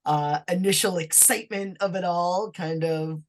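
Woman w a lowish voice telling her story on a podcast, chatty and animated. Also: normal speed. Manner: animated, acts out quoted talk with sudden high pitch and laughs. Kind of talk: conversational storytelling. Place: lived in Massachusetts.

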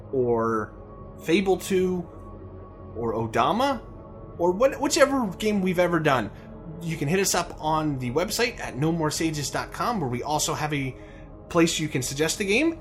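A man co-hosting a casual video game podcast, chatting in a jokey, animated way with frequent fillers and laughs. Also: a little high. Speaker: podcast co-host. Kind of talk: casual chat.

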